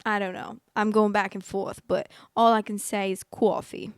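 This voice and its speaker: A woman's voice: medium pitch, flat delivery, moderate pace, clean tone, no room sound, studio quality. A young woman hosting a casual vlog, chatty and rambling, laughing at her own jokes. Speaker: host. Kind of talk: casual chat reading and reacting.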